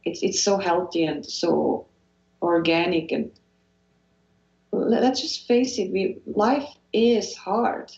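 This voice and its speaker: A Swiss woman appears as a guest hypnotherapist in a motivational interview, her fairly low voice earnest and encouraging. She talks slowly with a darkish tone, frequently restarting sentences and repeating phrases. The audio is dull and lo-fi, with a roomy echo.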